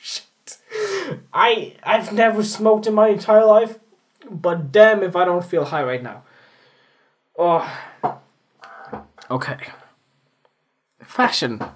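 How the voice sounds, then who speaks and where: A man's voice: high-pitched, takes it slowly, pauses often. A man hosting a casual solo podcast, rambling and joking about his week, laughing at himself often. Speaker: podcast host. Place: home room with window open.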